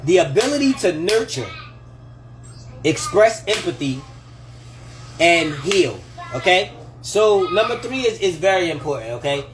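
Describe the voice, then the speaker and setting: A livestream host with a high voice chats casually from his home kitchen, handing out relationship advice. He swears freely, laughs a lot, and performs the voices of those he quotes, all with animated energy.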